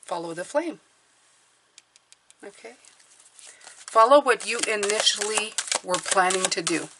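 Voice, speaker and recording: A woman's voice: mid-range voice, animated, measured pace, noisy background. A woman reading tarot cards for her viewers, talking earnestly and encouragingly, often checking in with "okay?". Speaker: tarot reader.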